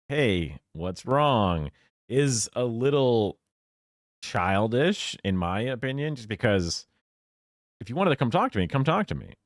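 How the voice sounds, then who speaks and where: A man's voice: fairly low pitch, no echo, studio quality. A man streaming, reacting to a clip with casual, opinionated commentary and lots of fillers. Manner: musing, opinionated, many fillers.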